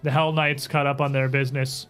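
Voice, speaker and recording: A man narrating as game master, relaxed and halting, with many fillers. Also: medium pitch, faint music behind.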